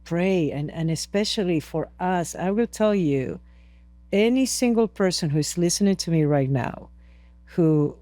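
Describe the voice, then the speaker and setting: Woman from peru, interview guest, earnest, emotional storytelling, halting restarts, dry sound. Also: fairly low pitch, lively intonation, dark tone, dry recording.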